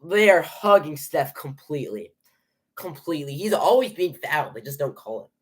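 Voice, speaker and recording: A young man giving a live play-by-play reaction as a fan, nervous and excitable, often stumbling and restarting his sentences. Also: fairly high pitch, normal speed.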